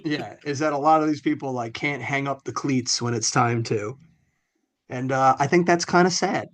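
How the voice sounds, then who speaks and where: A man co-hosting a movie podcast in casual, animated chat, often laughing. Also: mid-range voice, normal speed. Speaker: podcast co-host.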